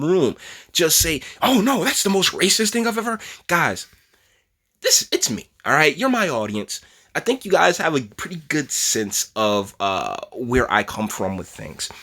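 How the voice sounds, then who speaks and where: A man talking straight to his viewers in a casual commentary vlog, at a middling pitch. He swings from excited high bursts to low, quiet, serious stretches. His delivery rambles with restarts, asides and short laughs. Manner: animated, pitch jumps high when worked up, drops low and quiet when serious. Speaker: commentary channel host.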